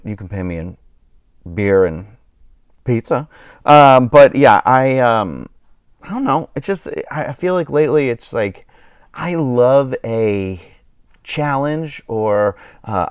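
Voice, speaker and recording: A man's voice: medium pitch, clean tone, no room sound, studio quality. A man hosting a live stream, chatting casually and rambling with lots of fillers, tired and yawning. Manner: rambling, many fillers and restarts. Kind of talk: casual chat.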